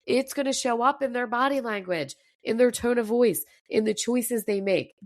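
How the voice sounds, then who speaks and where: A woman's voice: fairly high pitch, normal speed, no room sound, clean studio sound. A woman coach giving a fired-up motivational talk, her voice slightly scratchy. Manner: emphatic, fired up. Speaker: mental performance coach.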